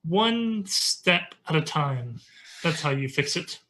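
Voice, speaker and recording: Game master doing a gruff old dwarf master. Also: medium pitch, animated, slow, sharp tone. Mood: calm, wise.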